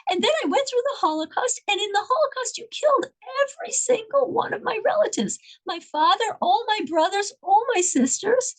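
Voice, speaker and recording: A woman's voice: extremely high pitch, lively intonation, a little fast, hardly any pauses, pitched above the performer's own voice, low-quality recording. A woman voicing a desperate father crying out to God. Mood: anguished. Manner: pleading, desperate outcry.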